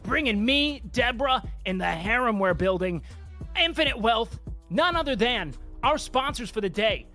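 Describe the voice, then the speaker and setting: A man doing a brash, boastful big-shot caster with slick salesman patter. His voice is high and bright. Faint music sits under him. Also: animated, moderate pace, heavily acted. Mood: salesy. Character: smug sleazy rich caster bragging and shilling. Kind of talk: comedic sports desk role-play.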